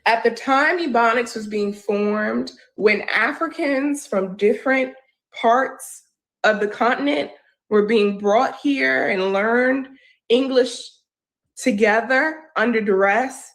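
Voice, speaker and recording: A woman giving opinionated news commentary, indignant and forceful. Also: a little high, measured pace. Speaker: co-host.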